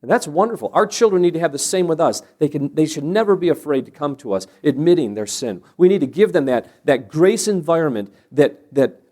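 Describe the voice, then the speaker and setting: A man's voice: fairly high pitch, expressive, fairly quick, hardly any pauses, warm tone. A man giving an earnest sermon-style talk on parenting, telling stories and often restarting phrases as he builds his point. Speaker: Christian parenting speaker. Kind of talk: sermon-style teaching with anecdotes.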